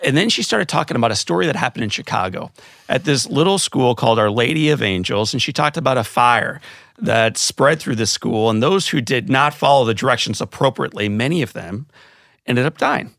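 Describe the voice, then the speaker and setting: A man's voice: mid-range voice, animated, brisk, vocal fry, fairly bright tone, dry recording, clean studio sound. A man hosting an interview, asking guiding questions and sharing his own stories in a plain, earnest way. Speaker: interview host. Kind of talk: conversational interview.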